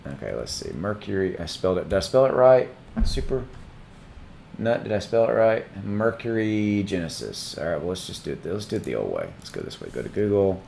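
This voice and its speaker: Guy doing a live crypto stream, kinda low voice going a bit hoarse, rambles while he searches stuff, faint noise behind. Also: very animated, brisk, a little mellow. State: voice starting to go. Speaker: crypto livestream host. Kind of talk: casual live-stream chat.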